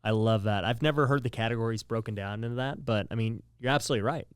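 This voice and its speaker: A man's voice: mid-range voice, fast talker, clear, resonant tone, no room sound, studio quality. An easygoing man in his thirties hosting a casual interview, agreeable and chatty. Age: 30s. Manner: easygoing, agreeable, says dude a lot. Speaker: podcast host.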